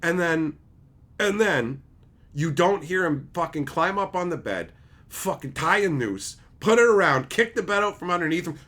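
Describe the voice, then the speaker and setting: A man's voice: a little high, moderate pace. A man hosting a casual livestream, chatting with viewers and ranting and swearing freely about plot holes in shows. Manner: animated, swears often, mocks logic gaps. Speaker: livestream host reading chat.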